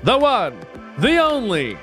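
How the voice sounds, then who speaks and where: A man doing a booming showman emcee. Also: wildly swooping pitch, a bit bright, faint music behind, full character voice. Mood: grandiose. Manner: drawn-out, hyped announcer delivery. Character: booming male showman emcee announcing a guest.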